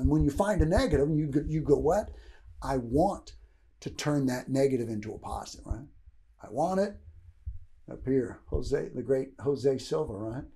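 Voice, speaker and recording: A man in his sixties from Louisville, Kentucky, USA gives a rambling, casual motivational talk, often asking "right?" and chuckling. His voice is mid-range with a darkish tone.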